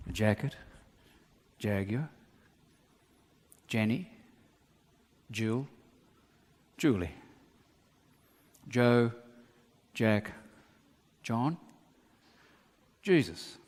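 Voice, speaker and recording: A pastor speaks at a medium pitch, extremely slowly and with long pauses, as he preaches a sermon. He's animated, telling comic stories and acting out the voices in them. The recording carries a long hall reverb.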